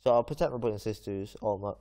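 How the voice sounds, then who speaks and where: A gaming channel host rambles through an anecdote in casual chat, full of fillers and restarts. His lowish voice is mellow and rapid-fire.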